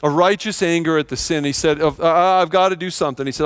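A man's voice: on the high side, fast, hardly any pauses, clean tone. A middle-aged man preaching a sermon as a pastor, telling stories and acting out quoted voices with animation.

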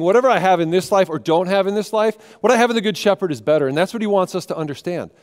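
A man preaching a sermon as pastor, moving between hushed, intimate passages and loud, emphatic ones. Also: sits high. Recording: long hall reverb.

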